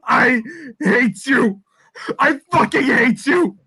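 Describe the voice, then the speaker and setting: A woman's voice: high voice, animated, slow, bright, forceful tone, husky, full character voice. A woman voicing a young man, a grieving and rebellious son who sobs through raw outbursts in a stage reading. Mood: furious.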